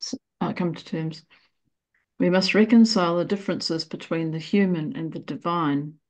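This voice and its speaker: A woman's voice: on the low side, steady tone, normal speed, a little mellow. A woman sharing her frustrations frankly in a casual group discussion, swearing now and then. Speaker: study group member.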